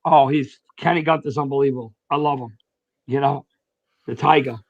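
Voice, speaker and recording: A man's voice: mid-range voice, normal speed, no room sound. A middle-aged man, a retired firefighter telling stories bluntly and profanely as a podcast guest. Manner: blunt, profane, animated storyteller. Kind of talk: casual storytelling. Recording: dull, dry lo-fi sound.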